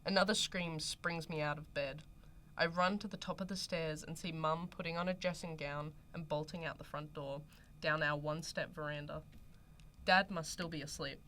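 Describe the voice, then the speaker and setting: A woman's voice: sits low, fairly even intonation, moderate pace, fairly bright tone, slight background noise. A young Australian woman hosting student radio, chatting casually and reading a story aloud. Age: young adult. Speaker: radio host.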